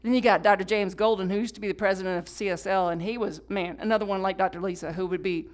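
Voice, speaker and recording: A woman's voice: medium pitch, steady tone, fast. Woman pastor preaching, goes big then drops to a whisper, gets folks repeating after her, chatty with little laughs. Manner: swings from loud emphatic lines to hushed whispers; leads the congregation in call-and-response. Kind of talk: sermon.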